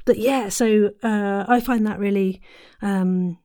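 A woman's voice: medium pitch, fairly even intonation, slow pace, dark tone, dry recording, clean studio sound. A woman voice actor hosting a casual chat, friendly and hesitant, with many fillers.

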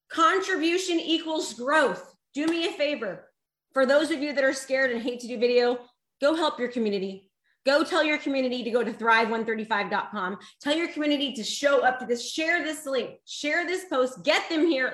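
A woman coaching her online audience with emphatic, exhorting force and a tearful edge in her voice. She sits a little high for a woman's voice. The sound comes from a rather echoey room. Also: lively intonation, normal speed, a bit bright. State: emotional, tearful. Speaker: motivational coach. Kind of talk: live online motivational talk.

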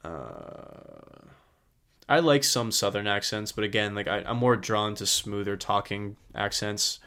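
A man's voice: fairly low pitch, sing-song, measured pace, gravelly, bright, forceful tone. An American man co-hosting a podcast, chatting casually and bluntly, with plenty of swearing and filler words. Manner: blunt and profane, lots of "like". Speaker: podcast co-host. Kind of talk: casual chat.

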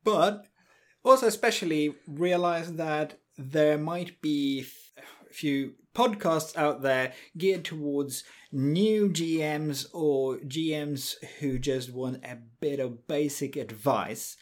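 A man in his forties co-hosting a casual podcast and speaking in a measured, deliberate way as an experienced game master. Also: fairly high pitch.

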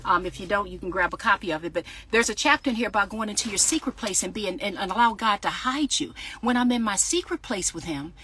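A woman's voice: medium pitch, fast talker, hardly any pauses, fairly bright tone, husky. A woman podcaster and author preaching in a casual livestream from her parked car, talking straight to her viewers with fervor and reading out their comments. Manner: fervent, talks straight to viewers, reads out comments. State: sweating in a hot car. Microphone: phone livestream.

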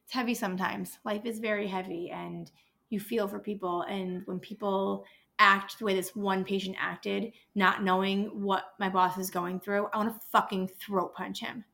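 A woman's voice: mid-range voice, little pitch movement, normal speed, vocal fry, sharp tone. A woman in her thirties who works at a dental office, hosting a casual solo podcast and ranting with exasperation and plenty of swearing. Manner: exasperated, venting, swears freely.

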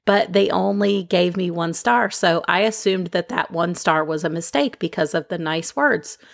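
A woman hosting a podcast, talking to her listeners in a calm, gentle, unhurried way into a microphone. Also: on the low side, vocal fry, no echo, studio quality. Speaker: podcast host. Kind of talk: casual chat to listeners.

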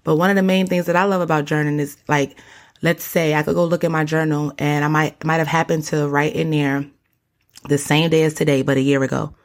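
A woman's voice: sits low, level tone, a little fast. A young woman hosting a solo podcast, talking casually and animatedly in slang, often calling the listener honey or baby. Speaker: podcast host.

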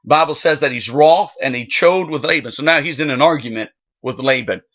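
Guy doing a bible teaching, bright punchy voice, folksy and lively, kinda muffled lo-fi audio. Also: medium pitch, a little fast. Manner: animated, folksy retelling. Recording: dull lo-fi sound.

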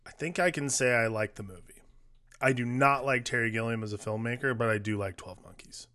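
A man's voice: mid-range voice, a little fast, bright, forceful tone. A man co-hosting a casual film podcast, thinking aloud with lots of "like" and "I mean". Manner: hedging, many "like" and "I mean".

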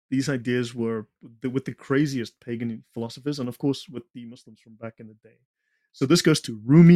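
A man's voice: medium pitch, darkish tone, dry recording, studio quality. A man presenting slides in a conversation, talking in a digressive, lecture-like way with sarcastic asides. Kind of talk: lecture-style talk in a conversation.

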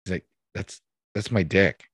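A man, a police officer, telling a rambling story in a relaxed, laughing way during casual chat. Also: low voice, measured pace, slightly rough, no room sound, clean studio sound.

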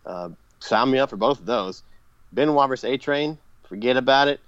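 A man's voice: mid-range voice, expressive, normal speed, a bit bright, smooth, dry recording. A man hosting a casual podcast, rambling through a wrestling recap with lots of fillers and laughs. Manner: rambling, filler-heavy, laughs at his own bits. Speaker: podcast host. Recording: dull dry lo-fi podcast mic.

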